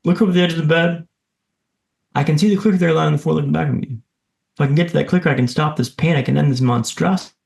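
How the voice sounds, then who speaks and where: A man's voice: on the high side, fast, gravelly, a little mellow, echoey room. A man guest on a podcast, telling a dramatic personal story in vivid, punchy lines with self-deprecating humour.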